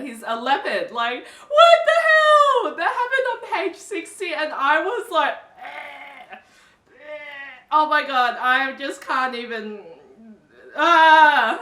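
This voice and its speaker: A woman's voice: high voice, far from the mic. A woman book vlogger ranting in a casual, exasperated way, laughing and saying "like" a lot. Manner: exasperated, animated, laughing, lots of "like". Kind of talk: casual rant to camera. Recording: echoey room, a bit off-mic.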